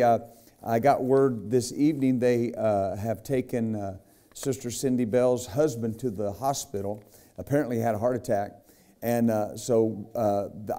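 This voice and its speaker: A man's voice: mid-range voice, mellow. A man preaching a sermon as pastor, retelling a scripture story with acted quotes and emphatic asides to the congregation. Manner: emphatic, frequent "right?" and "amen?".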